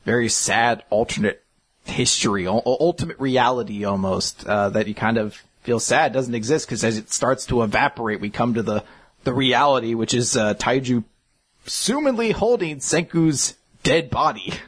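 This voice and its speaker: A man co-hosting a casual podcast, giving thoughtful comic commentary, often pausing and restarting his words. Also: medium pitch, slightly rough. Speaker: podcast co-host. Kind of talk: casual manga discussion.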